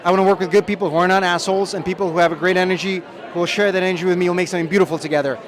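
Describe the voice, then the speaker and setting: A film director chatting in a press interview outdoors at a premiere, telling self-deprecating stories from the set. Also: male voice, sits high, fairly even intonation, racing. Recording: crowd noise behind. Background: crowd chatter.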